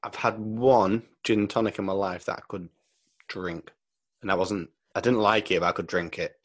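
A man's voice: low voice, fairly even intonation, moderate pace. Swearing, joking man. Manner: swearing, joking storyteller, laughs often. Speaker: podcast co-host. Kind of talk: casual banter.

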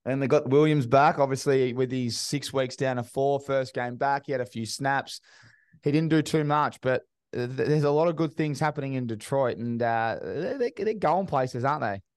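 A man's voice: mid-range voice, moderate pace, clear, resonant tone, no echo, studio quality. An Australian man hosting a casual sports podcast, chatty and upbeat with matey banter. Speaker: podcast host.

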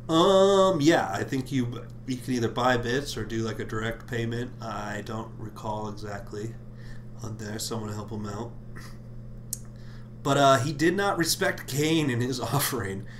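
A man's voice: mid-range voice, a bit bright, slight background noise. A man hosting a podcast, reading scripture aloud with irreverent comic commentary, swearing and laughing between lines. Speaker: podcast host. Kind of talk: comedic Bible reading with commentary.

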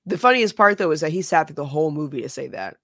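Low-voiced woman, dry close sound. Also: lively intonation, quick pace, a bit bright, no room sound. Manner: wry, laid-back and blunt. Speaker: podcast co-host. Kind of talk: casual chat.

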